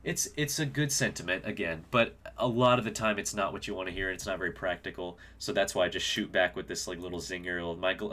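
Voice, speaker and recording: A man's voice: low-pitched, a little fast, a bit bright. A man musician talking casually and reflectively through the lyrics of his own song, rambling with many fillers and restarts.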